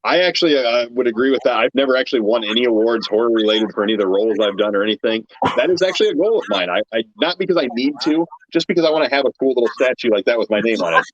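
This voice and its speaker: Man, podcast co-host, rapid chatty delivery, muffled lo-fi sound. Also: mid-range voice, lively intonation, dry recording. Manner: quick, chatty, presents trivia segment. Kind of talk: casual podcast chat.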